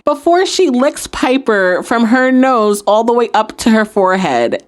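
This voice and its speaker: A woman's voice: sits high, moderate pace. A woman hosting a podcast, recapping a show episode in a casual, wry way and laughing often. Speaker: podcast host.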